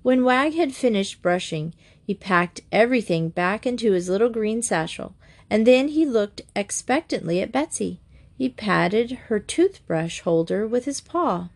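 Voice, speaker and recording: Woman narrator, mid-pitched, gentle children's-book reading. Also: lively intonation, a little slow.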